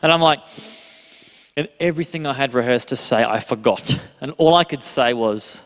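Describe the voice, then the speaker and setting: Laughing often, a man in his thirties delivers an animated sermon as a pastor, built around a self-deprecating story. He speaks at a moderate pace in a mid-range voice, in a church hall with long reverb.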